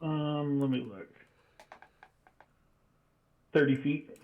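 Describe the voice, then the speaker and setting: A man with a fairly high voice talks hesitantly and apologetically as a player in an online tabletop game. His sound is dull and lo-fi, like a cheap microphone. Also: little pitch movement, very slow. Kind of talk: casual tabletop game chat.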